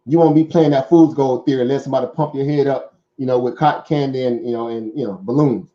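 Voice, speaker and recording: This man hosts a relaxed stock market talk, speaking fast at medium pitch with a Southern accent, though the audio is dull. His style is rambling and chatty, loaded with fillers and tag questions like "right?"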